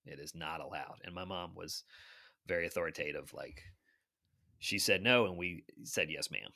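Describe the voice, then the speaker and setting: A man in his fifties, an author guest, telling anecdotes in a chatty, animated way. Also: sits low, normal speed, creaky. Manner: animated storyteller, chatty asides. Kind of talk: anecdotal storytelling.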